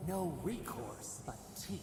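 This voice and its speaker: A woman's voice: low voice, sing-song, slow, creaky, mellow, a little hiss or hum, heavily acted. A woman voicing a haunting collective spirit that speaks as "we", in game dialogue with music behind. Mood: ominous. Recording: roomy game audio with music.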